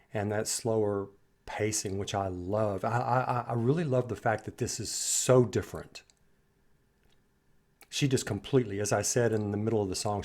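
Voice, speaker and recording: A man with a somewhat low voice reacts to a song in a casual commentary. His talk is reflective and admiring, and his phrases often fade out into gentle pauses. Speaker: music reaction host.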